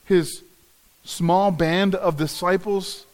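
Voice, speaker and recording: High-voiced man preaching a sermon. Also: fairly even intonation, slow, darkish tone. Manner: earnest, repeats words as he restarts. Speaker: pastor.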